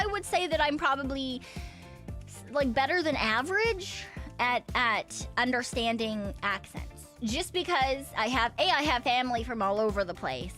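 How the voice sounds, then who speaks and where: A woman's voice: fairly high pitch, a bit bright. A woman from eastern Canada streaming and chatting casually with viewers. She laughs easily and swears freely. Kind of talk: casual livestream chat.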